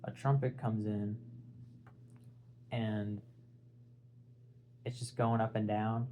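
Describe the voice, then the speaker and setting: A man's voice: fairly low pitch, level tone, takes it slowly, long pauses, narrow, tinny audio, slight background noise. A young man talking casually about an album, rambling and searching for words as he goes. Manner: rambling, filler-heavy, restarts and searches for words. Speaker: music video essayist. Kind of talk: casual unscripted album talk.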